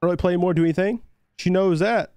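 Male streamer, high voice, dry close mic, laid-back, calls everyone brother. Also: a little fast, a little mellow, clear, resonant tone, no echo. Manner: laid-back, thanks viewers by name, calls them brother. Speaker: live streamer. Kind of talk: casual gaming livestream chat.

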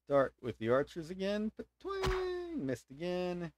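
A man's voice: on the high side, expressive, normal speed, darkish tone. A man casually commentating a strategy game as he plays, explaining his moves and voicing playful sound effects for attacks. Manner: thinks aloud while explaining strategy. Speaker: game streamer.

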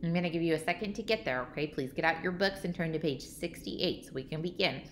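A woman's voice: lowish voice, quick pace, a little hiss or hum. A woman teacher giving a phonics lesson to young children, patiently repeating each word and answering her own questions.

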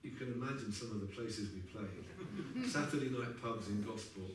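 A man's voice: fairly low pitch, normal speed, recorded from a distance, a little hiss or hum. A man in his sixties telling wry, chatty stories on stage between songs and laughing at his own tales. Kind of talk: anecdotal storytelling between songs. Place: live music venue. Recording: echoey live venue recorded from afar, guitar in the mix.

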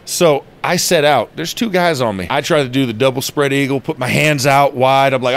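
A man's voice: medium pitch, moderate pace, few pauses. A man in an interview, telling stories animatedly and acting out quotes in a raised voice, inside a stadium. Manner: animated storyteller, acts out quotes loudly. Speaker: interview guest, former football player. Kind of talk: storytelling interview.

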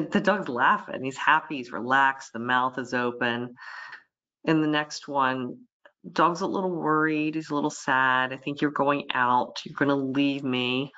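A woman veterinarian giving a webinar lecture, lively, who voices the animals' thoughts in quick quoted asides. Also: low voice, muffled recording.

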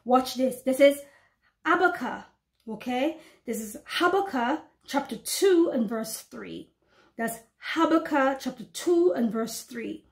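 High-voiced woman preaching fervently. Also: expressive, creaky. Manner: fervent, emphatic, slows to read scripture aloud. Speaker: prophetic YouTube preacher. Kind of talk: preaching to camera.

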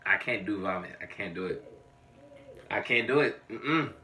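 A man's voice: lowish voice, lively intonation, normal speed, pushed and bright, reverberant, recorded from a distance, a little hiss or hum. A man hosting a video reaction, dropping laid-back, amused asides. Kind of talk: casual reaction commentary.

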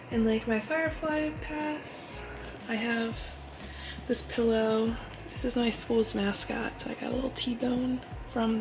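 Chatty young woman giving a dorm tour. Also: fairly high pitch. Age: early 20s. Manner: chatty, lots of "like", says she is winded. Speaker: college student vlogger. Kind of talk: casual dorm tour vlog. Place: small dorm room. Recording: music playing under the voice. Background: music.

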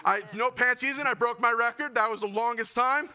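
A young man performing a self-deprecating stand-up comedy set with animated storytelling. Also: very high voice, brisk. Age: young adult.

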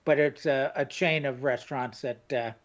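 An older man co-hosting a casual chat, reminiscing and hesitant, with many pauses. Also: mid-range voice, fairly even intonation. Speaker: co-host. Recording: dull lo-fi sound.

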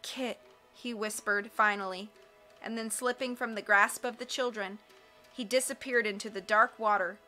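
A woman reading a book aloud as scripted narration, expressive and measured. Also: medium pitch, faint music behind. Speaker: audiobook reader.

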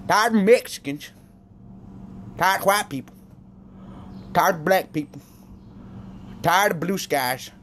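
A man's voice: high voice, expressive, slow, long pauses, a bit bright, slight background noise. A man delivering a rambling, profane comedic rant, repeating himself as he goes. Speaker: comedic vlogger.

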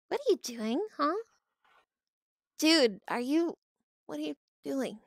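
A woman's voice: high-pitched, animated, takes it slowly, creaky, pauses often, no room sound, clean studio sound. A woman hosting a casual livestream, playful and mock-dramatic, often breaking into laughter. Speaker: livestream host.

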